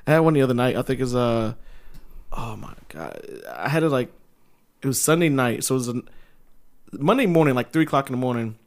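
A man's voice: mid-range voice, expressive, fairly quick, pauses often. A man co-hosting a podcast in casual chat, using slang and swearing and laughing often. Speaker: podcast co-host.

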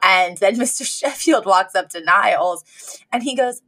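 A woman's voice: mid-range voice, normal speed, bright, forceful tone. A woman co-hosting a podcast, chatting casually and acting out scenes from a sitcom episode with frequent laughter. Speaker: podcast co-host.

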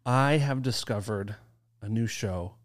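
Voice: mid-range voice, measured pace. A podcast co-host chatting playfully and casually, with casual swearing. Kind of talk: casual chat.

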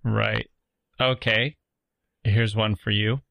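A man with a fairly low voice talks thoughtfully about books, filling pauses with small "uh"s and "I mean"s. He reads endings of stories aloud. The recording is close and dry. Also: a bit bright, no echo. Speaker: podcast co-host. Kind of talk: casual literary chat with read-aloud passages.

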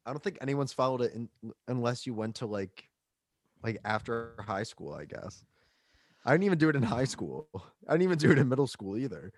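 A man's voice: medium pitch, lively intonation, a little fast, dry recording. A young man joining a casual podcast chat, hesitant and trailing off.

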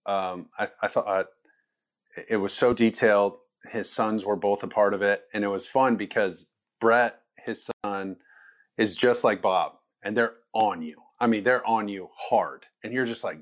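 A man, a former quarterback, telling stories as a guest in a relaxed, laughing way. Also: on the low side, normal speed. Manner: loose and laughing, quotes people in lively voices. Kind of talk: casual storytelling interview.

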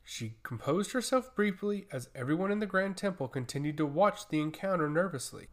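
A man's voice: a little high, animated, a little fast. A man reading a fantasy story aloud as the narrator, in a dramatic storytelling manner.

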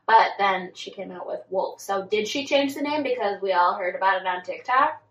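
A woman's voice: mid-range voice, expressive, moderate pace, fairly bright tone, dull audio. A woman co-hosting a podcast, chatting casually about celebrity gossip and filling her talk with "like". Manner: chatty, many "like" fillers. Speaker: podcast co-host. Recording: echoey room, far from mic.

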